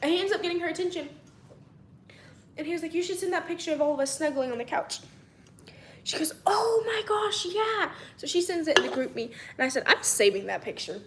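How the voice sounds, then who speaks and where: A woman's voice: high-pitched, quick pace, pauses often, fairly bright tone, roomy sound, slight background noise. A young woman telling a long story in a casual vlog, chatty and rambling, acting out what people said and sometimes dropping to a whisper. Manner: chatty and rambling, acts out quotes, drops to a whisper at times. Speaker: vlogger.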